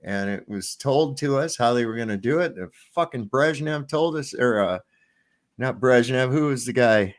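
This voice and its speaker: A man talks in a loose, rambling way, swearing freely as he goes. His voice sits at an ordinary middle pitch. It sounds like an easygoing chat among friends. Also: moderate pace. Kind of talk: casual chat, joke telling.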